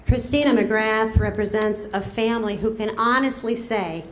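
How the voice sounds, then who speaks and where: A woman's voice: a little high, steady tone, background noise. A woman giving a political rally speech as a campaign co-chair, rousing the crowd and drawing out her words. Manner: rousing, drawn-out delivery with rising calls to the crowd. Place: event room at a cafe, crowd present. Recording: echoey room with crowd murmur.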